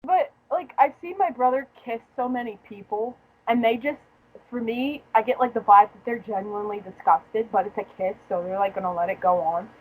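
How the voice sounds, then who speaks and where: A woman's voice: a little high, moderate pace, slight background noise, low-quality recording. A young woman hosting a podcast, telling a casual story in a profane, joking way and laughing often. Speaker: podcast host. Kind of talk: casual chat.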